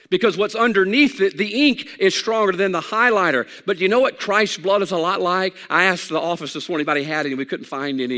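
A man's voice: on the high side, bright, forceful tone. A man preaching a sermon as pastor, telling folksy stories and rising with emphasis at key points. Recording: long hall reverb.

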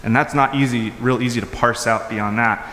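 A man's voice: normal speed, a little hiss or hum. Man preaching in an echoey hall. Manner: animated, swinging from loud high emphasis to soft low asides; informal, with fillers and restarts. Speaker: pastor. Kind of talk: conversational sermon. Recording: echoey hall with long reverb.

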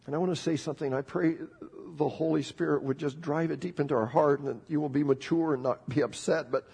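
A middle-aged man preaching a sermon in a husky, slightly breathy voice pitched a bit high. He builds emphasis as he goes and leads the congregation in call-and-response. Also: steady tone, fast, warm tone, long reverb tail. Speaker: pastor.

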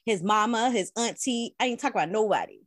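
A woman in casual podcast chat, telling an animated, profane story with plenty of laughs. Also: a little high, a little fast, no echo, clean studio sound. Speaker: podcast co-host.

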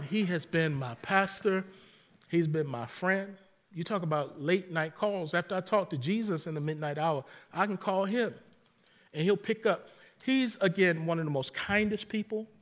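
A middle-aged man, preaching a sermon as pastor, animated and storytelling with humor. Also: a little high.

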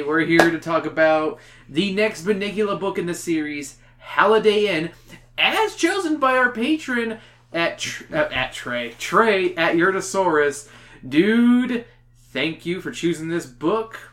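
A man's voice: on the high side, very animated, a little slow, a bit bright. A man hosting a podcast in casual chat, upbeat and rambling with restarts. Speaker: podcast host.

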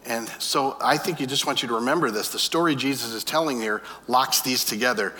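A man preaching a sermon as pastor, animated and conversational, with quick asides to the congregation. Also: mid-range voice. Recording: long hall reverb.

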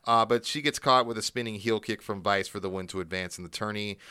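A man co-hosting a podcast, casually recapping wrestling shows at length and quoting promos in animated voices. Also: lowish voice, fast, smooth, no echo, clean studio sound.

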